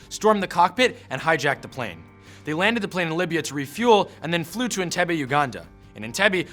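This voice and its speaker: A man narrates a scripted history explainer at a rapid clip, with a bright, forceful edge to his voice. He tells the story punchily and drops in wry asides. His voice sits a little high, over soft background music.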